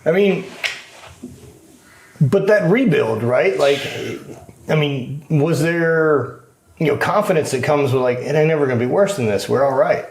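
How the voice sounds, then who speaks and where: A man's voice: on the high side, a little slow, roomy sound, slight background noise, poor audio. A man hosting a podcast, asking probing questions between short affirmations. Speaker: podcast host. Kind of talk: casual interview.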